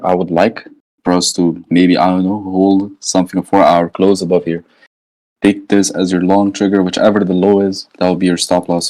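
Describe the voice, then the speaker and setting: A man's voice: low voice, a little mellow, low-quality recording. A man walking through trading charts live in a casual, slangy way, thinking aloud and often checking in with "right?". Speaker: trading educator.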